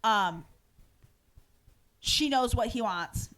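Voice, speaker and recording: A woman's voice: a little high, very slow. A woman podcast host retells a show's scenes in loose, chatty fashion, peppering her talk with "um" and "like." She slips into the characters' lines as she goes, with the odd casual swear word. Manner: animated retelling, acting out quoted lines; frequent "um" and "like" fillers, casual swearing. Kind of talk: casual episode recap chat.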